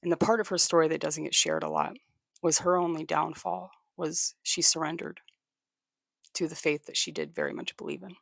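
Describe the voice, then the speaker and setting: A livestream host tells a history story in a strongly gravelly, fry-heavy voice that sits in a middle pitch range. The delivery is halting, with frequent restarts and repeated words. The sound is dry and close, with no room echo. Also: fairly bright tone. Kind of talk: casual live storytelling, thanking viewers.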